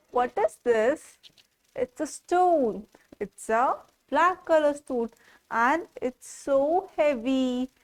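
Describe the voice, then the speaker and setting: A woman teaching small children, repeating words in a slow, sing-song way and asking them questions. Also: high-pitched. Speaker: preschool teacher. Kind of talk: classroom lesson for small children.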